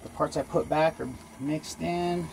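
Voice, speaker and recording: His voice is fairly high-pitched, creaky and a little mellow, with a steady tone and measured pace, and there's slight background noise. In his home workshop he talks viewers through casting jewelry as he works, calling them "guys" often and teasing himself.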